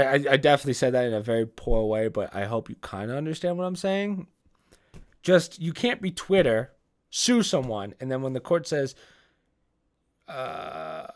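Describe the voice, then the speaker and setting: Young male podcaster riffing solo; loose, profane, rambling, searches for words mid-sentence. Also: medium pitch. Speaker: podcast host. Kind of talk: casual solo podcast commentary.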